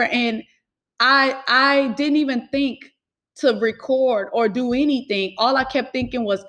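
A woman's voice: on the high side, a bit bright. A woman telling a personal story in casual talk, emphatic and swearing freely.

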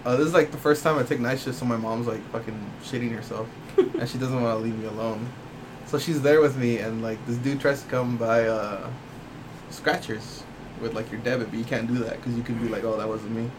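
A young man in casual chat with friends, telling work stories in an animated, swearing way and laughing often. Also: mid-range voice, brisk. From Mexican-American. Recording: noisy room background.

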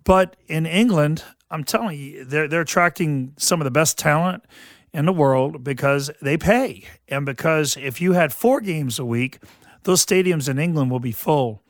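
A man's voice: on the high side, normal speed, dry recording, studio quality. A man from southeastern Louisiana, hosting a radio sports talk show in a rambling, folksy way full of fillers and restarts. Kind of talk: casual sports commentary.

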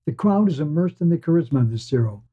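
A man narrating a first-person story for a podcast in a measured, wistful way. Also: a little high, expressive, breathy edge. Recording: dull lo-fi sound.

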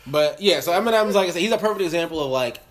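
A young man co-hosting a casual chat podcast, talking in an animated, profane way and acting out voices in his stories. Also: on the high side, rapid-fire. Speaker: podcast co-host.

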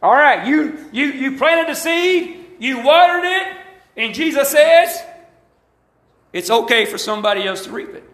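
A middle-aged pastor with an Alabama Southern accent preaches a sermon to his congregation, using call-and-response, emphatic rising lines and folksy asides. His voice is very high-pitched and fairly bright, with lively intonation, an unhurried pace and a roomy church sanctuary sound.

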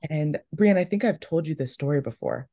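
A woman's voice: deep voice, lively intonation, a little fast, warm tone, no room sound, studio quality. A young woman in her twenties, co-hosting a podcast and telling a story in casual chat, with lots of "like"s. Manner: chatty storytelling, many "like"s. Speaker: podcast co-host.

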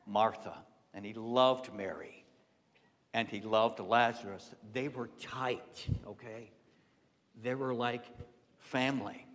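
Preaching man in a reverberant church. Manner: conversational preaching, swells loud and high at climaxes, drops to soft asides. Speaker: pastor. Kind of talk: Easter sermon. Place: church sanctuary.

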